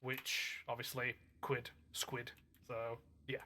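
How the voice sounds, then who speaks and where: A man's voice: medium pitch, monotone, slow, pushed and bright, a little hiss or hum. A man from England, chatting casually while streaming a game and explaining things in rambling, filler-heavy asides. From Northwest England. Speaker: gaming streamer. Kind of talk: casual gameplay chat.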